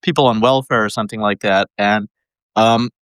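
Male caller, lowish voice, dry sound, halting and full of fillers. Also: fairly even intonation, fairly bright tone, no room sound. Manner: hesitant, many ums and uhs. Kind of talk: call-in conversation.

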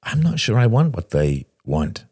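A man's voice: fairly low pitch, big pitch swings, unhurried, a little mellow, husky, dry recording, clean studio sound, pitched above the performer's own voice, exaggerated voice. A man voicing an agitated young man who presses his brother insistently.

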